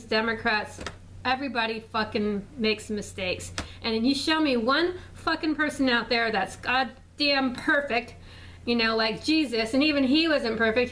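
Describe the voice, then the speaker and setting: Profane ranting woman vlogger, high voice. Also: a bit bright, slight background noise. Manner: profane, exasperated, rambling with fillers. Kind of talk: casual rant to camera.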